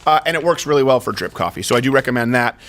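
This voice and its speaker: A man's voice: mid-range voice, lively intonation, racing, fairly bright tone. A man hosting a live election night talk show, sick with a sore throat, joking and rambling with bursts of laughter. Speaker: host.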